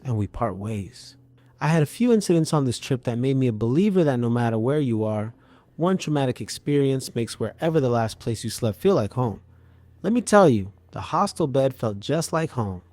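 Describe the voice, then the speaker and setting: A man narrating a scripted story with a steady, even storytelling delivery. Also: mid-range voice, normal speed, dry recording.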